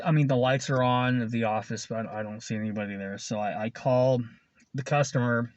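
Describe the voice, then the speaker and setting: A man's voice: medium pitch, fairly even intonation, brisk, dry recording. A man who works as a food delivery driver telling a story in a casual, rambling way, swearing often and chuckling between lines. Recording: dull lo-fi recording.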